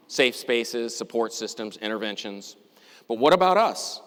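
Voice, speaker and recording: A middle-aged man telling a personal story in a talk, reflective and measured, with deliberate pauses. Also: lowish voice, fairly bright tone. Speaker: university administrator giving a talk. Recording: long reverb, as in a hall.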